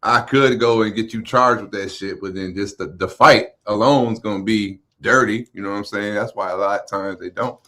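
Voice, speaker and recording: Low-voiced man explaining casually. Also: steady tone, normal speed, few pauses, a bit bright. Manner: explaining, meandering with fillers. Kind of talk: casual chat.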